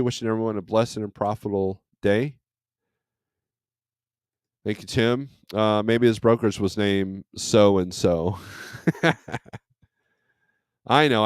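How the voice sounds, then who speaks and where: A man's voice: lowish voice, smooth, no echo, studio quality. A man hosting a casual morning livestream from home, rambling along and reading viewer comments aloud. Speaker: livestream host, trucker. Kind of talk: casual chat. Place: at home, not in a truck.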